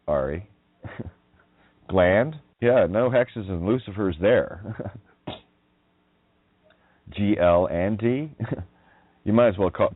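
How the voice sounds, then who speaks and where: Deep-voiced man rambling over a phone line. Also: no room sound. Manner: rambling, laughing often, wordplay riffs, profane. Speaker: radio host. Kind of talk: rambling monologue.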